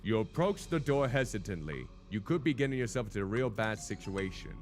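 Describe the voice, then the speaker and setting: A man's voice: lowish voice, lively intonation, fairly quick, faint music behind. A man streaming a game, reading its text aloud theatrically and making joking asides.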